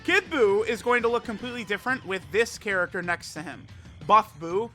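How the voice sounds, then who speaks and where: High, bright-voiced man rambling over faint music. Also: fairly quick. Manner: rambling, filler-heavy, thinking aloud. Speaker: mobile game content creator. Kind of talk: casual gameplay commentary.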